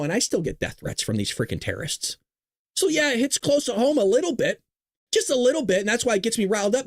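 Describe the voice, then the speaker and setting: A man's voice: very high voice, dry recording. A man hosting a political livestream and ranting heatedly, with a lot of swearing, recorded in a small closet. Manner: fired-up, profane, ranting. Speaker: host of a political livestream show. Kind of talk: live-streamed rant.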